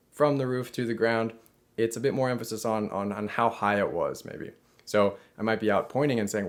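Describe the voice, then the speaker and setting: A man hosting a language lesson, explaining grammar and slowing down to model example sentences, with small restarts as he rephrases. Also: mid-range voice, fairly even intonation. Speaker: Spanish teacher, channel host.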